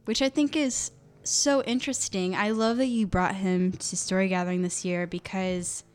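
A woman's voice: mid-range voice, fairly even intonation, moderate pace, clear, resonant tone, faint music behind. A woman co-hosting a podcast, agreeable and upbeat in casual chat. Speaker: podcast co-host.

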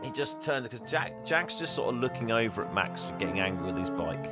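A man's voice: sing-song, brisk, over loud music. A man, casually recapping a film for a co-host, laughing often and acting out lines. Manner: chuckling, acts out lines in higher voices. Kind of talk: casual chat, reading out scenes.

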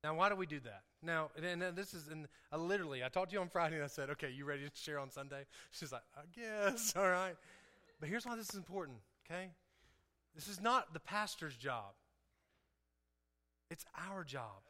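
A man preaching a sermon to his congregation, animated and asking the room questions. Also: on the high side, fairly quick. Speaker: pastor. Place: church sanctuary. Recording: long hall reverb.

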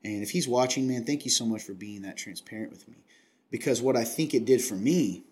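A man's voice: mid-range voice, a little fast, darkish tone. A man from Kentucky hosting a casual chat, earnest and confiding, rambling with many restarts.

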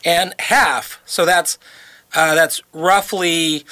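A man's voice: a little high, steady tone, extremely slow, sharp tone, no echo. A man co-hosting a radio talk show who explains things step by step and walks through figures from a book. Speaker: radio co-host. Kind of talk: casual radio chat.

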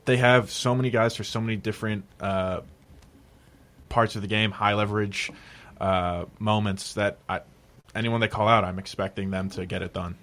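A man with a lowish voice weighs in on the team in a relaxed studio chat. He talks earnestly with plenty of fillers. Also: moderate pace, a little hiss or hum. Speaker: sports talk co-host. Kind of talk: casual sports analysis.

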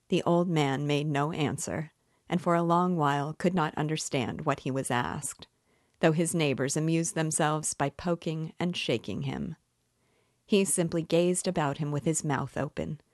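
Brief: a woman reading literature aloud at a steady pace, with a low voice and a dry, close recording. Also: dry recording. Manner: measured, even narration. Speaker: book club host.

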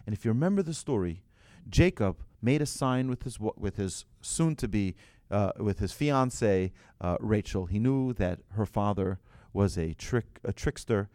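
A man's voice: lowish voice, expressive, measured pace, few pauses, a little mellow, no echo. A man, a rabbi, telling a story in a sermon, acting out the voices and often restarting his phrases.

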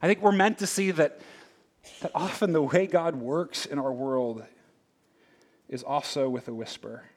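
A middle-aged pastor delivering a sermon in a relaxed, conversational manner. His voice sits a little high for a man. He often stops mid-thought to check in with the listeners. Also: unhurried, pauses often. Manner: conversational, with frequent asides and rhetorical questions.

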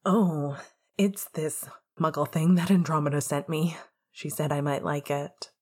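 A woman's voice: sits low, fairly even intonation, unhurried, a little mellow. A woman reading a cocky, rebellious teenage boy wizard in a podfic, brash and playful.

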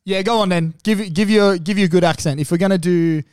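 A man's voice: sits high, a little fast, darkish tone, clean tone, no room sound, studio quality. A man hosting a podcast in casual banter, teasing his guests and swearing a lot. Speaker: podcast host.

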